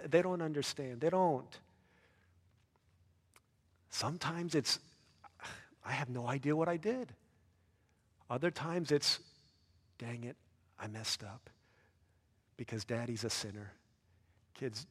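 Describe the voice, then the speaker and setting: A man preaching a sermon as a pastor, earnest, rising to loud emphatic peaks and dropping soft and low. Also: measured pace, long pauses, husky, long reverb tail.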